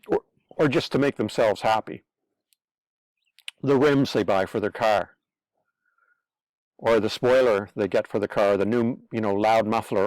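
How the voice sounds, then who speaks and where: A man's voice: mid-range voice, darkish tone, no room sound. A man talking in a casual advice monologue, blunt and earnest, repeating himself and swearing freely. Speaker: online pastor-commentator.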